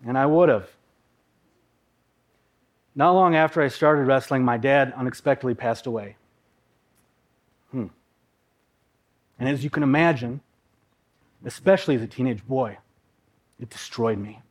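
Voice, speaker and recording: A middle-aged man from Minnesota telling a personal story in a vivid, animated way. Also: medium pitch, measured pace, pauses often. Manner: vivid, emotional, animated narration.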